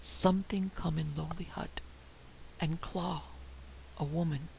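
A man voicing a frightened male servant who whispers in halting, broken English in a storybook reading. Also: on the high side, steady tone, creaky, a little mellow, a little hiss or hum, low-quality recording. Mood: fearful, hushed.

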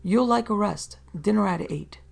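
A woman voicing a formal, courteous older gentleman welcoming a guest in a storybook reading. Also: mid-range voice, moderate pace, gravelly, husky, pitched above the performer's own voice.

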